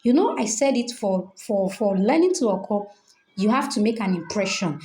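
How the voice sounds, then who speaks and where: Speaking from an echoey room, a Nigerian-accented middle-aged woman leads an online training session for parents on how to teach reading. Her voice sits high and sounds mellow, and she keeps repeating key points while asking "okay?" to check in.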